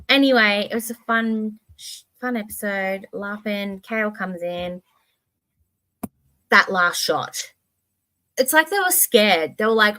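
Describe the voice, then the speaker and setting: A woman's voice: on the high side, takes it slowly, pauses often. Chatty, rambling woman streamer. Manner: rambling, expressive, swears casually; reads chat comments aloud. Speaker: livestream host. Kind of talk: casual livestream chat.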